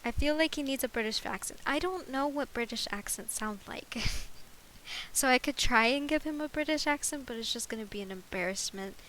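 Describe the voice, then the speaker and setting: A woman's voice: sits high, brisk, a bit bright, slight background noise, low-quality recording. A young woman streamer chatting casually and playfully while playing a game, self-mocking and laughing often.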